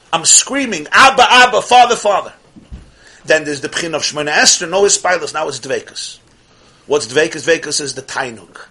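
A man teaching a Chassidic lecture in English, mixing in Yiddish and Hebrew terms, swinging from loud outbursts to near-whispers. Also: fairly high pitch, husky. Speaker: Torah teacher.

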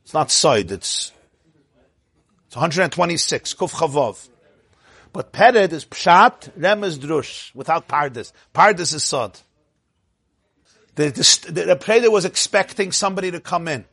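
A man with a somewhat husky, slightly high voice leads an informal religious class. He talks in a chatty, digressive way, laughs often and keeps checking in with his listeners. The sound is dry and close. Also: animated, measured pace, pauses often, fairly bright tone, no echo. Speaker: rabbi teaching a class. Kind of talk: informal Torah class lecture.

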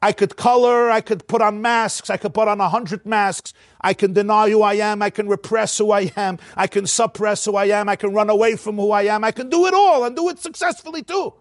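A man giving a Torah class as a rabbi, telling stories in an animated way and mixing in Hebrew and Yiddish quotes. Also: sits high, a little fast, few pauses, dry recording, studio quality.

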